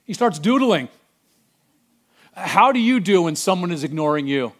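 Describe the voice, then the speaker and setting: Middle-aged male pastor, slightly high voice, animated sermon with loud and hushed swings. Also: moderate pace.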